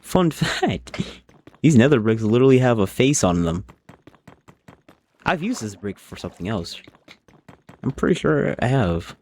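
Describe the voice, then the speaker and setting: A man's voice: mid-range voice, very animated, moderate pace, long pauses, darkish tone. A young man chatting casually on a live stream while he plays a game, thinking aloud and rambling from one thought to the next.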